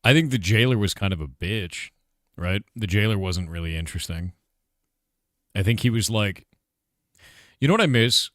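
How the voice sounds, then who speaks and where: A man's voice: on the low side, animated, normal speed, long pauses, fairly bright tone, dry recording, clean studio sound. A man who is a game developer, chatting casually on a livestream Q&A, blunt and profane, with lots of filler words.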